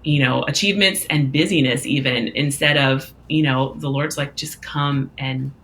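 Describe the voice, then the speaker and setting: A woman's voice: low-pitched, moderate pace, a bit bright, slight background noise. A woman in her thirties, a songwriter, talking earnestly in a casual conversation about faith, with many fillers and quoted inner dialogue. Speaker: guest songwriter.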